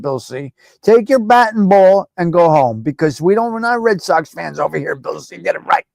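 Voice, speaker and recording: A man hosting a casual live-stream chat, brash, profane and animated as he talks back at viewers by name. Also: high voice, creaky, dry recording. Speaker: live show host.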